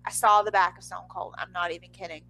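A woman's voice: fairly even intonation, fast, creaky, sharp tone, slight background noise, low-quality recording. A woman casually telling a personal story, chatty and full of "like", swearing now and then and acting out others' lines. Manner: acts out others' lines in a higher voice.

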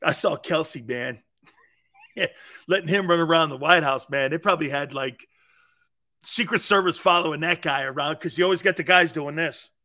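A man hosting a live sports talk show, loud and joking, often laughing at his own lines. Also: a little high, normal speed.

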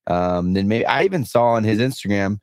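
A man's voice: lowish voice, brisk, darkish tone, no echo, studio quality. A man co-hosting a podcast, chatting casually and weighing up players. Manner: chatty, analytical about football. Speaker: podcast co-host. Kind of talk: casual chat.

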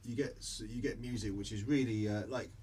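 A man's voice: on the low side, steady tone, fairly quick, darkish tone, slight background noise. An Irish man co-hosting a casual chat, hesitant and often restarting his thoughts.

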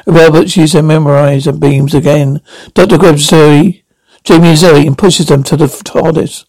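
A man's voice: a little high, fairly even intonation, fairly quick, a little mellow, dry recording, rough recording. A man narrating a science-fiction episode aloud and reading all the parts himself in a plain, descriptive read-through.

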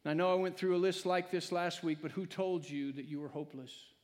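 A male pastor preaching a sermon, swinging between loud, emphatic lines and hushed, quiet ones. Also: high voice, fairly even intonation, fairly quick. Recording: long hall reverb.

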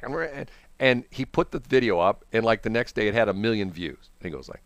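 A man's voice: on the low side, quick pace, hardly any pauses, no room sound. A man hosting a casual radio chat, telling stories and mimicking voices. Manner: animated storyteller, mimics voices. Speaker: radio host.

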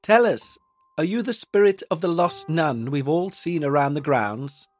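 A man's voice: on the high side, a little slow, faint music behind, voice pushed up. A man voicing a showy male ghost hunter who leads a séance with grand, solemn invocations in a raised voice. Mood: theatrical. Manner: theatrical, solemn invocations turning panicky.

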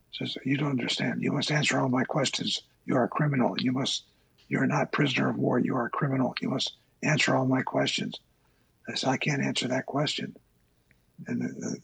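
An older man with a deeply gravelly, husky voice recalls his past in a slow, halting way, full of pauses and fillers. The sound is close and dry. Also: dry recording, low-quality recording. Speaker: interviewee, former Navy pilot. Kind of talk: oral history interview.

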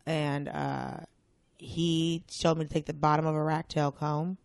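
A woman's voice: sits low, unhurried, dry recording, studio quality. A young woman chatting as a guest, telling stories and acting out what people said. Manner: animated storyteller, acts out quotes. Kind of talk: casual chat.

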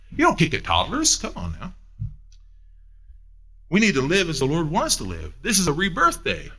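A man preaching a sermon, emphatic, asking the listeners questions and swinging between loud and hushed. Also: fairly high pitch. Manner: asks the audience questions.

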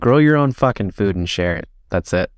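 A man's voice: lowish voice, expressive, moderate pace, smooth, no room sound, studio quality. A man in a casual podcast chat, laid-back and crude, joking dryly.

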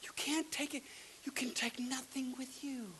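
A man preaching a sermon as pastor, folksy and energetic, with bursts of loud shouting. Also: very high voice, moderate pace, slight background noise, rough recording.

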